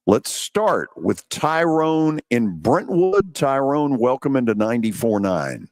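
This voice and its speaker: An older man hosts a sports call-in show. He talks slowly, with a fairly low voice that rises and falls a lot. The sound is close and dry. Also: very animated, no room sound. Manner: measured, leads the calls. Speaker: sports radio host. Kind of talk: sports talk radio hosting.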